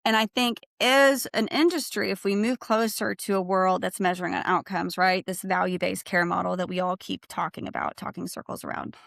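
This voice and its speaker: A woman's voice: medium pitch, steady tone, a little fast, vocal fry, hardly any pauses, fairly bright tone, no echo, clean studio sound. A woman speaking as a guest on a livestream discussion. She talks earnestly and reflectively in long, flowing sentences. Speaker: guest, bereaved parent.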